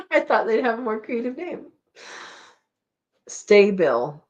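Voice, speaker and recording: A woman's voice: on the high side, sing-song, takes it slowly, muffled recording. A woman hosting a homesteading live chat, casually reading viewer comments aloud and rambling with frequent laughs.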